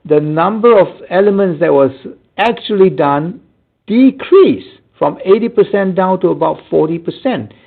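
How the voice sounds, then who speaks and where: A male physician answering audience questions in a webinar, explaining in a halting way with many fillers. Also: fairly high pitch, creaky. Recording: tinny phone-like audio line.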